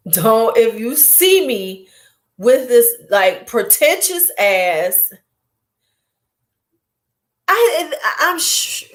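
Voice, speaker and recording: Woman in her forties, beauty vlogger, blunt, animated, self-mocking, casual chat. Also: on the high side, drawn-out words, long pauses. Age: 40s.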